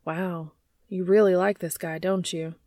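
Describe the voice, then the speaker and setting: A woman voicing a reasonable young man, a younger brother studying law, who argues calmly and persuasively in a storybook reading. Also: fairly low pitch, measured pace, dry recording, studio quality, close to an everyday voice. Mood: fond. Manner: calm, persuasive.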